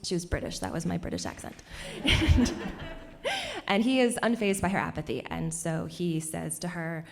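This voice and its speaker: A woman's voice: fairly low pitch, moderate pace, vocal fry. Young woman telling a story on stage. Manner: animated, laughs often between lines. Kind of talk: live personal storytelling. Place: stage at a cultural center.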